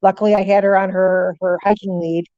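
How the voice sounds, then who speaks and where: A middle-aged woman, a guest on an interview show, telling lively stories, voicing animals' thoughts and dropping frequent ums. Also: mid-range voice, brisk, no echo, lo-fi sound. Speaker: guest, paranormal author. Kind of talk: casual storytelling interview.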